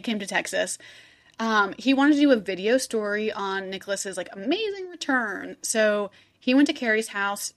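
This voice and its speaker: A woman's voice: mid-range voice, a bit bright. A woman co-hosting a casual podcast, retelling a story in a chatty way with lots of "like" and acted-out quotes. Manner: chatty storyteller, heavy 'like', acts out quotes, laughs often. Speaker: podcast co-host telling the story. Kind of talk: casual true-crime chat.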